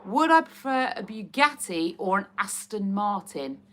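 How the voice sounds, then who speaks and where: In a mid-range, sing-song voice that's a little slow and fairly bright, a livestream host from Hertfordshire, England, giggles through viewer comments. Her chat is casual and her accent is Hertfordshire English.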